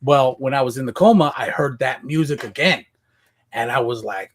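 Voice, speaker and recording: A man's voice: medium pitch, normal speed. Podcast guest, male, from Washington State, casual storyteller who acts out his own lines. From Washington State, USA.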